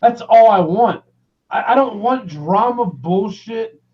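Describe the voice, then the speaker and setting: A man hosting a livestream in a casual rant, loud and excitable, swearing constantly and shouting people's names. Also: sits high, slow pace, highs cut off. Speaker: livestream host.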